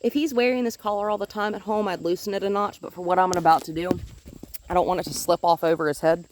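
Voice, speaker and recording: A woman dog trainer with a somewhat low voice explains her method calmly and patiently. She is outdoors, filming on a phone in one hand. Her talk is plain and instructive. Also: quick pace, noisy background. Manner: calm, explanatory, talks to the dog in a high sing-song voice. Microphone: phone held in one hand while filming.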